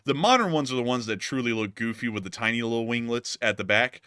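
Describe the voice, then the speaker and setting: A man's voice: mid-range voice, fast talker, pushed and bright, clear, resonant tone, no echo, studio quality. A man hosting a casual commentary show over war clips, joking, laughing and exclaiming as he reacts. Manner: jokey, laughing, exclaims "holy moly", mocks voices. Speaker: war news commentary host.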